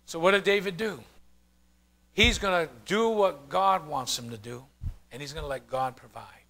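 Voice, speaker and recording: A man's voice: on the high side, moderate pace, bright, forceful tone. A male pastor preaching an emphatic, storytelling sermon.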